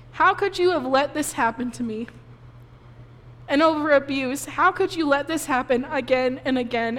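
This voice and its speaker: Woman pastor, tearful sermon testimony, high voice, long hall reverb. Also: a bit bright. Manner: emotional personal testimony, tearful at times. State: crying softly.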